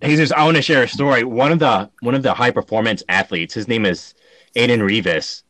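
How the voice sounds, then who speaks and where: A man hosting a casual conversation, telling stories with lots of fillers and animated moments. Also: medium pitch, a little fast. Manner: storytelling, animated, many fillers. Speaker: host. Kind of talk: casual chat.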